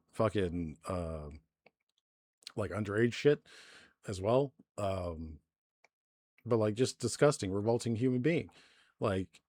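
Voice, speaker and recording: A male-sounding live streamer rants his way through commentary on the news, exasperated and swearing constantly. His voice sits on the low side and comes across dry and close, with no room sound. He talks loosely, full of "like" and "um". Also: darkish tone, dry recording. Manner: exasperated, heavily profane ranting; loose and conversational, with many fillers. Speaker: livestreamer.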